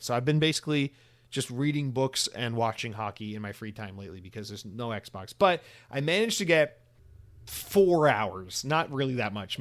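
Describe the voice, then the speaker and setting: Rambling, swearing American podcast host. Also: male voice, medium pitch, a bit bright. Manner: rambling, profane, lots of restarts and "like". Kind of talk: casual solo podcast monologue.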